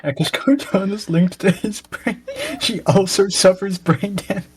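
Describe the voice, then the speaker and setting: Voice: mid-range voice, unhurried. A podcast co-host trading wisecracks in casual, swearing banter. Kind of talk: casual chat, joking banter.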